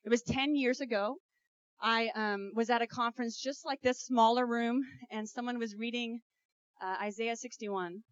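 A woman preaching at a conference, telling her story with raw emotion and rising to loud, fervent exhortation before leading a prayer. The sound is dry and a little dull, with no room echo. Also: on the high side, steady tone, normal speed. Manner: breaks into prayer. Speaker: conference speaker. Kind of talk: preaching testimony.

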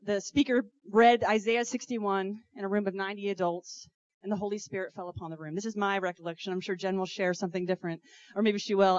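A woman's voice: medium pitch, no room sound, highs cut off. Woman preaching with fervent emotion. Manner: emotional, exhorting, loud bursts; breaks into prayer. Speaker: conference speaker. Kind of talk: preaching testimony.

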